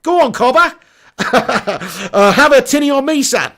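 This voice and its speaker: A matey, boisterous bloke, put on by a man. He is hearty and teasing, with a high voice that swings up and down and a gravelly edge. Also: lively intonation, measured pace, fairly bright tone, exaggerated voice. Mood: jokey. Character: jokey stereotyped Australian bloke, matey and boisterous.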